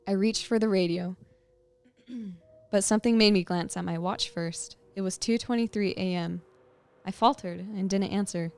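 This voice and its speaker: A woman podcast host reading a creepy story aloud with expressive, suspenseful storytelling. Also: mid-range voice, moderate pace, clean tone.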